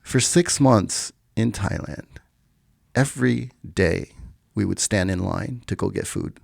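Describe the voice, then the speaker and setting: A middle-aged man, a podcast guest, telling a personal story casually, with animated bursts when he quotes himself and others. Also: lowish voice, unhurried, vocal fry, dry recording, studio quality.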